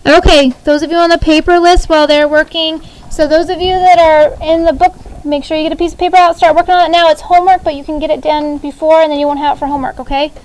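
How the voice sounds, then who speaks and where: A woman teacher in her thirties in a classroom, leading a spelling drill, spelling each word slowly letter by letter and giving firm instructions. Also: high voice, steady tone, darkish tone, low-quality recording. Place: school classroom.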